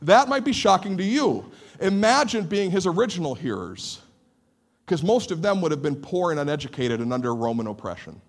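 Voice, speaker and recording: A man preaching a sermon with animated emphasis and frequent repeated words. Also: on the high side, fairly quick. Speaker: pastor.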